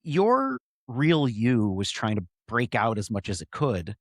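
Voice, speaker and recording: A man hosting a podcast interview, reflecting on his guest's story in an expressive way. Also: a little slow, no room sound, clean studio sound. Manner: reflective and expressive, with big swings in pitch. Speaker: podcast host. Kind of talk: interview conversation.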